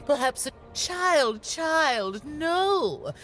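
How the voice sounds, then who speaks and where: A woman's voice: sits high, sing-song, drawn-out words, a bit bright, full character voice. A woman playing a snobbish, haughty noblewoman in a video game, lecturing in a disdainful manner. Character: snobbish noblewoman obsessed with titles. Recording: game audio with music behind.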